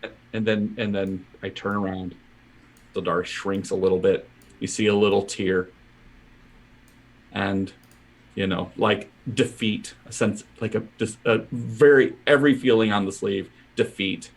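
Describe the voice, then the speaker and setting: A man's voice: fairly low pitch, fairly even intonation, unhurried. A man playing his character in a tabletop game, talking hesitantly with many fillers. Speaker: player.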